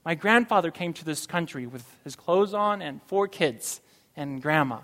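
A man preaching a sermon as a pastor, slow and emphatic, with sudden loud rises on key phrases. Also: fairly high pitch, lively intonation. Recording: long reverb of a large hall.

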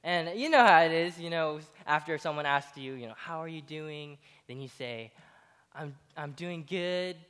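A young man delivers a relaxed, joking sermon, his slightly higher voice carrying a long hall echo. He stumbles often, circling back with "uh" and "you know" before landing his point. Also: clean tone. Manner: halting, with many fillers and restarts, jokey retelling. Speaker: speaker giving a Bible talk. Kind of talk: casual sermon.

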